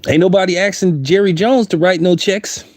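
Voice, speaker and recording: A man's voice: high voice, fairly quick, a little mellow, dry recording. A man giving heated, blunt opinion commentary, repeating points for emphasis.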